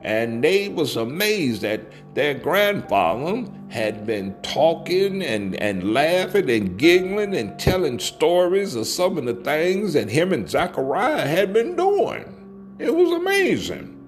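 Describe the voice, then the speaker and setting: A man's voice: on the high side, huge pitch swings, slow pace, soft background music. A man telling a folksy story aloud, leaning on key words and drawing them out.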